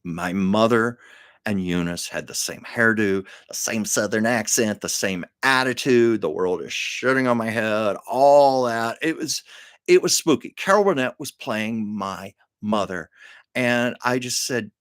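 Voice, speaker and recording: A man's voice: lowish voice, a little slow, no room sound, clean studio sound. An older man telling personal stories on his live stream in an earnest, emotional way, often restarting his sentences. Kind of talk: casual storytelling on a live stream.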